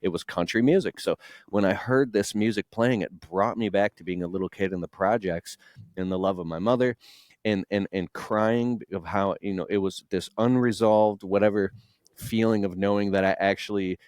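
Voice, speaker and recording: A man's voice: fairly low pitch, normal speed, darkish tone, no echo, studio quality. A man in his late thirties, a guest entrepreneur, telling candid, emotional personal stories in conversation, swearing freely. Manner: raw, emotional, swears freely, mimics voices.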